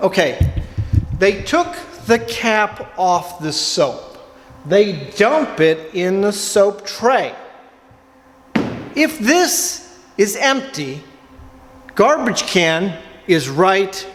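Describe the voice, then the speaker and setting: Laundromat owner vlogging, fed-up rant, high-pitched male voice, echoey room. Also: very animated, takes it slowly, pauses often, slight background noise. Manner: exasperated, ranting, rhetorical questions. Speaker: laundromat owner and channel host. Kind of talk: casual talk-to-camera vlog.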